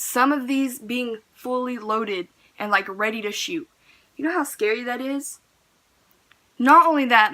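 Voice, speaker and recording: Young woman vlogger, bright voice, chatty storytime, lots of "like", gets loud then hushed. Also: mid-range voice. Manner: animated, fillers like "like", swings from hushed to loud. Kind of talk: storytime vlog.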